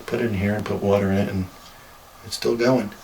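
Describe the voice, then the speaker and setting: A man filming alone inside a house for a paranormal video diary, nervously calling out to spirits and often dropping to a hushed whisper. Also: on the low side, little pitch movement, fairly quick, slight background noise, low-quality recording. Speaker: paranormal vlogger. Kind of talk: solo ghost-hunting video diary.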